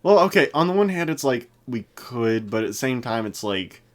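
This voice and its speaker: A man's voice: medium pitch, big pitch swings, moderate pace. A young man co-hosting a podcast, rambling casually with lots of fillers and laughter. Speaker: podcast co-host. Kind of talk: casual chat.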